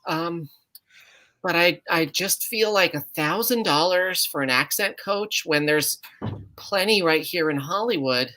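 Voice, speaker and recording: A man's voice: on the high side, a little slow, pushed and bright, slight background noise. A man voicing a worried wife who talks hesitantly and sighs a lot. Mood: supportive. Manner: sighing, hesitant, lots of fillers. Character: worried wife waiting up at night.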